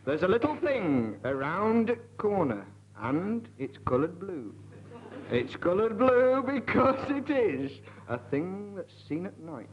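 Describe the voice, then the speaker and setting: A comedy panelist reciting improvised verse in a playful, lilting way. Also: male voice, high-pitched, very animated, takes it slowly. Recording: dull, noisy radio archive.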